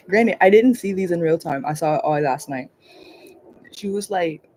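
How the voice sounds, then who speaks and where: A woman hosting a casual livestream chat, rambling and animated, swearing freely and laughing often. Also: on the low side, normal speed, a little hiss or hum. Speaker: livestream host.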